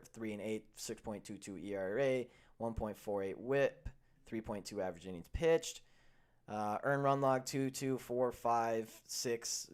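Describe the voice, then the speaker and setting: A young man hosting a sports betting show in casual chat, with animated, profane storytelling that swings from heated rants to low grumbling. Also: clean tone.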